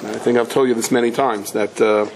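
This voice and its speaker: A man teaching a Torah class as a rabbi, telling stories in a conversational way and scattering Hebrew and Yiddish terms through his English, his pitch climbing when he presses a point. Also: fairly even intonation, quick pace, noisy background. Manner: conversational storyteller, rises in pitch when driving a point home.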